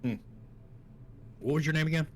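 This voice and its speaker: A man's voice: on the high side, fairly even intonation, moderate pace, slight background noise. A man playing a tabletop game, joking and sarcastic in casual banter. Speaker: player.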